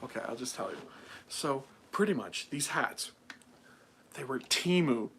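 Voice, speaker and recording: A man's voice: mid-range voice, a little slow, over music. A young man from the United States hosting his own livestream, chatting casually and rambling with lots of fillers. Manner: animated, mocking, rambling with many fillers. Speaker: livestream host.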